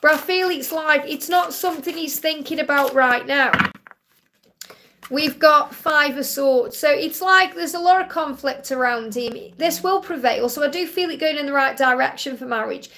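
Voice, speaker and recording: Brief: woman, high voice, live-stream psychic reader, gentle chatty delivery with frequent check-ins. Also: normal speed, gravelly, a little hiss or hum. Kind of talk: live-stream tarot reading.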